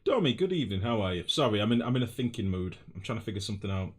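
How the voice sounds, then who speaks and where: This man's voice is fairly low and husky, with a sing-song lilt and a racing pace. He's a young guy from northwest England live-streaming a game, thinking aloud as he plays and chatting casually with viewers, whom he calls mate.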